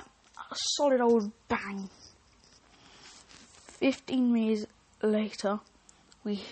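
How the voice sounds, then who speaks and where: Breathy, chatty woman host. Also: mid-range voice, darkish tone. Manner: chatty, self-interrupting, joking asides. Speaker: podcast host. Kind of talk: reading online stories with commentary.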